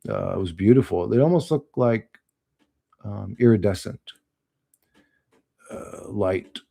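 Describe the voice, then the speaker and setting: A man's voice: on the low side, slow pace, vocal fry, mellow, breathy edge. A man on a livestream, reading chat comments and answering them in blunt, profane, rambling talk.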